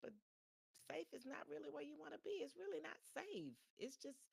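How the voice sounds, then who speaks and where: A woman's voice: high voice, animated, brisk, creaky, no room sound. A woman hosts a motivational live-stream podcast. She talks chattily, circles back on her phrases and restarts often. Her voice sounds dry and close, with little room sound. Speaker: podcast host.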